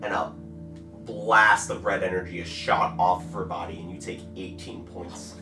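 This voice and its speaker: A man narrating a tabletop game as game master, with slow, drawn-out storytelling. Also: low voice, little pitch movement. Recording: roomy, far from the mic, music behind.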